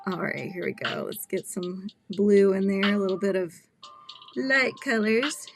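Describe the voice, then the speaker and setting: A young adult woman hosting a casual painting livestream, chatty and laughing often, murmuring quietly to herself as she paints. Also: medium pitch, unhurried, creaky, music in the background. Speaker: art livestream host.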